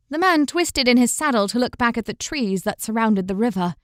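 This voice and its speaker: A woman narrating a fantasy audiobook in an even, measured storytelling voice, close to the mic. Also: fairly high pitch, dry recording.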